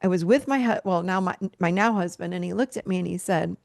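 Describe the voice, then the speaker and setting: A woman's voice: on the low side, fast talker, creaky, dry recording, studio quality. A woman in her fifties, a therapist guest telling personal stories in a candid interview and acting out the dialogue. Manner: animated storyteller, acts out quoted dialogue.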